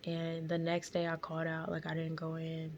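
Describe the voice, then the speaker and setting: A woman's voice: deep voice, completely flat delivery, moderate pace, dull audio, a little hiss or hum. A young woman telling a painful personal story in her car, candid and tearful, with lots of slang and fillers. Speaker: vlogger.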